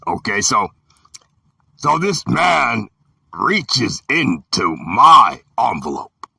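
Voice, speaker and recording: A man in his fifties telling a story in an emphatic, preachy way, sometimes shouting, with a gravelly, raspy voice. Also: mid-range voice, very animated, extremely slow, no echo. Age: 50s. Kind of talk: storytelling talk. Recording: dry and distant from the mic.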